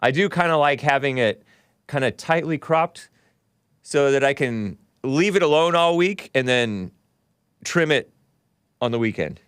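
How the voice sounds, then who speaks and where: A man's voice: medium pitch, lively intonation, a little slow, long pauses, a bit bright, clear, resonant tone, no room sound, clean studio sound. A congested man hosting a call-in talk show, rambling casually and laughing often between remarks. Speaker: talk show host taking calls and reading chat.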